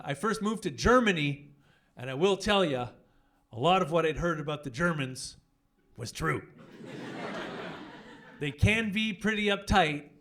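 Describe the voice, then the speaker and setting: This is a man in his forties doing stand-up comedy into a handheld mic on a club stage. His voice sits high for a man and leaps around a lot in pitch. He jumps into loud, exaggerated voices whenever he hits a punchline. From French-speaking Canada. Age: 40s.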